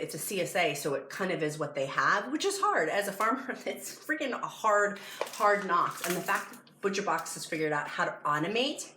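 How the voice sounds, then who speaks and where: A woman vlogger chatting casually at home through an unboxing, gushing and excitable as she talks. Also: fairly low pitch. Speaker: product review vlogger. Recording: echoey room with background noise.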